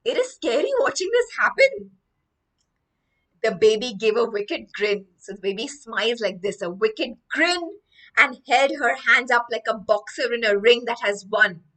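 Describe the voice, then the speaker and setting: A woman's voice: a little high, expressive, moderate pace, bright, forceful tone, far from the mic, poor audio. A woman teaching English vocabulary through a story, explaining each line after she reads it.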